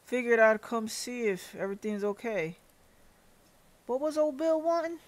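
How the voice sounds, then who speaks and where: A woman voicing a calm small-town male sheriff in a story game, with a slow put-on drawl. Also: fairly high pitch, close to an everyday voice. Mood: concerned.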